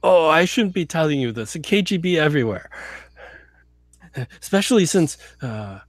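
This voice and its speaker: A man's voice: fairly high pitch, sing-song, normal speed, dry recording. A man voicing a drunk, nervous male defector who stammers in broken English. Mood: drunk, rambling.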